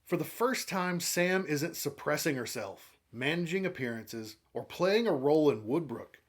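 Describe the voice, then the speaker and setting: Man explaining a comic, fairly high voice. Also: lively intonation. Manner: explanatory, measured commentary. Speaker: comic book reviewer. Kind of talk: comic recap and analysis.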